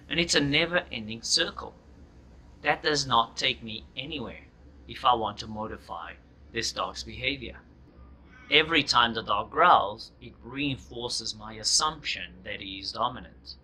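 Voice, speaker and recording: Guy with a really bright sharp voice, animal trainer doing a calm measured explainer lesson. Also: medium pitch, slight background noise, rough recording. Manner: measured, reads out cited sources.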